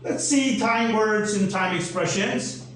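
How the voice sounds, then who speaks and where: A man with a Turkish accent gives a grammar lesson at a very slow, careful pace, spelling out letters one at a time. His voice sits high and moves animatedly. The sound is roomy and distant, with a faint hum behind it. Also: a bit bright. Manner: deliberate, spells out letters, asks then answers his own questions. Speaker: English teacher. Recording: echoey room, mic at a distance, faint hum.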